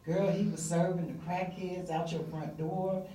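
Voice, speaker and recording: A woman voicing her nosy woman neighbor who rushes to spill gossip, recorded in a roomy space from a distance. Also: lowish voice, flat delivery, warm tone, slight background noise, lightly acted. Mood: gossipy, eager. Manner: breathless, gossipy, dramatic.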